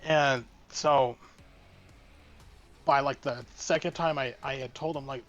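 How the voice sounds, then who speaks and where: A man guest telling a work story in a casual, halting way, full of fillers and restarts. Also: medium pitch, steady tone, a bit bright, muffled recording, faint music behind. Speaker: streamer guest.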